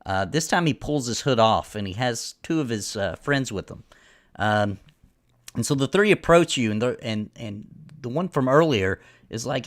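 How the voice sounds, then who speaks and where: A man's voice: mid-range voice, animated, normal speed. A man narrating a tabletop role-playing game as game master, describing the scene with many ums and restarts.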